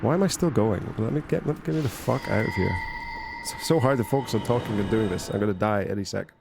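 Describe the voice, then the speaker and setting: A man's voice: on the low side, quick pace, creaky, noisy background. A man streaming a game, chatting casually in a rambling, jokey way and often cutting himself off. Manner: rambling, self-interrupting, jokey. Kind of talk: casual gaming stream chat.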